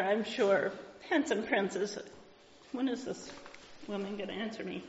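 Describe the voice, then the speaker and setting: A woman's voice: medium pitch, unhurried, slight background noise. A middle-aged woman giving an enthusiastic, emphatic talk to a live audience and reading passages aloud, in an echoey lo-fi hall recording. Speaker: speaker.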